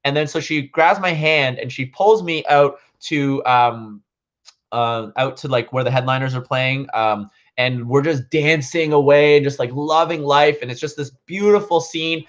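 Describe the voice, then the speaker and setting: A man's voice: mid-range voice, unhurried. A man vlogging, casually telling a long story to his viewers, rambling with lots of "like" and "um" fillers. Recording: dull lo-fi recording.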